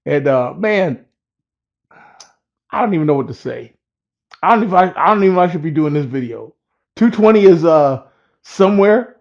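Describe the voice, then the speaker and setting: A man's voice: a little high, normal speed, darkish tone, lo-fi sound. A man telling a story in a loose, rambling, profane way, chuckling as he goes. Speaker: storyteller vlogger.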